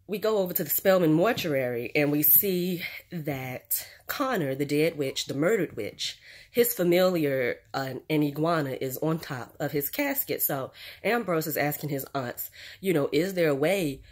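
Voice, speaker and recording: Chatty low-voiced woman vlogging. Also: expressive, unhurried, a little mellow. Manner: chatty, rambling with fillers and asides. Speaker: channel host reviewing a series. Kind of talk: casual recap vlog.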